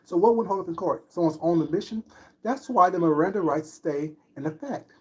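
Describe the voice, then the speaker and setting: Sarcastic husky woman streamer. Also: on the low side, a little fast, mellow. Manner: sarcastic, rhetorical questioning. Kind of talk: livestream commentary.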